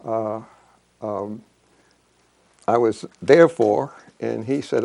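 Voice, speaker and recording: An older man telling local history and childhood memories in a halting way, full of fillers and restarts. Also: mid-range voice, gravelly, darkish tone. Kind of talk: reminiscing talk.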